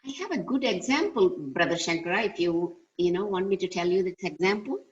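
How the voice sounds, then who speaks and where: A woman's voice: lowish voice, expressive, a little fast, muffled recording. An older woman in a group class, earnestly telling a personal story and reflecting on it, heard over a video call. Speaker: class participant. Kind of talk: personal anecdote in a group discussion.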